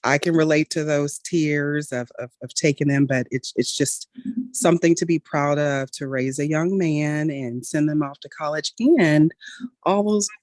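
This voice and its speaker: A woman with a notably low voice hosts a health podcast in an easy, upbeat chat. She cheers her guest on warmly and keeps things moving. The sound is dry and close, with no room around it. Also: a little slow, no room sound. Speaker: podcast host. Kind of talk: casual chat.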